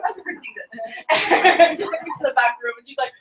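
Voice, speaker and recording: Lively woman telling a story in an echoey room. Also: extremely high pitch, a little fast. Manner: lively, acts out voices in quotes, laughs often. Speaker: sales consultant sharing a tip. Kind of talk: animated storytelling talk.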